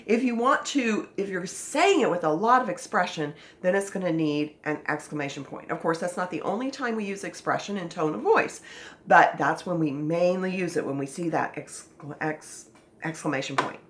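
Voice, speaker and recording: Woman phonics teacher, animated sing-song delivery, patient and encouraging with young kids. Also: on the low side, moderate pace. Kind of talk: teaching a children's phonics lesson.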